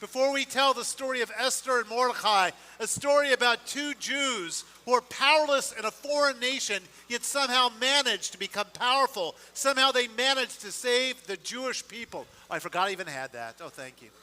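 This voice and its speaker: A man leading a synagogue congregation, energetic and joking as he rallies them to shout along. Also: very high-pitched, normal speed, hardly any pauses, big-room sound. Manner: energetic, joking, rallying the crowd. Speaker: service leader. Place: synagogue sanctuary.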